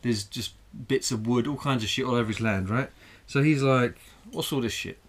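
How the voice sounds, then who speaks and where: A man's voice: medium pitch, moderate pace. Rambling, foul-mouthed man. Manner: rambling, swears a lot, laughs at his own jokes. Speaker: podcast co-host. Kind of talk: casual, crude comedic chat over drinks.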